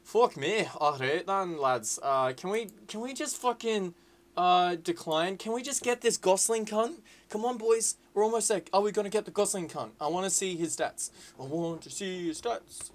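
A young man rambles through casual commentary over his gameplay. He is rowdy and sweary, jumping between excitable shouting and low muttering. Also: moderate pace. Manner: rowdy, sweary and excitable, swinging to loud whining outbursts. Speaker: gaming YouTuber. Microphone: desk mic with webcam.

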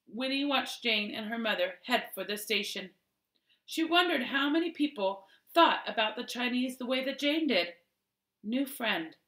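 A woman reading a children's novel aloud in a slow, careful storytelling manner. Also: fairly high pitch, lively intonation, fairly bright tone, echoey room. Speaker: audiobook reader.

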